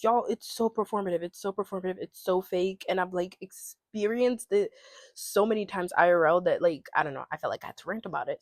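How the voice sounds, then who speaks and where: A woman's voice: mid-range voice, no room sound, studio quality. A young woman from Ghana, recording a casual solo rant, opinionated and sarcastic. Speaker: podcast host.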